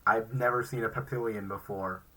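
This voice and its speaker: A man's voice: on the low side, fairly even intonation, a little fast, bright, forceful tone, a little hiss or hum, low-quality recording. A man co-hosting a casual chat show, giving blunt, dry-humored opinions. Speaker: podcast co-host. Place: home recording, live stream.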